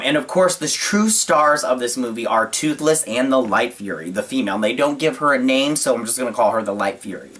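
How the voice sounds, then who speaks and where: A man hosts his own review channel and talks through a film in a casual, unscripted way. He gushes and gets excited, tripping over his words with plenty of uh and like fillers. His voice sits at a middle pitch. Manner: gushing and excitable, with frequent uh and like fillers. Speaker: movie review channel host. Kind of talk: casual spoken movie review.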